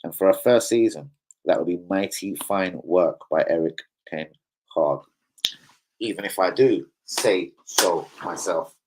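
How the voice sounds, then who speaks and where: Male fan-channel host, casual streaming chat, animated and profane. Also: sits low, unhurried, breathy edge, low-quality recording. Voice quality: profane, animated, slang-heavy.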